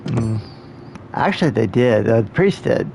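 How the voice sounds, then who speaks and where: A man's voice: medium pitch, expressive, measured pace, creaky, darkish tone, slight background noise. A man streaming a game, making wry, joking asides in casual commentary.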